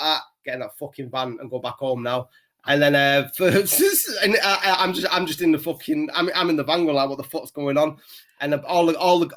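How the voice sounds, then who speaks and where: Bright-voiced man telling a story. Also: fairly high pitch. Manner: rambling, swears constantly, laughs at his own story. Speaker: podcast co-host. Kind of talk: casual storytelling chat.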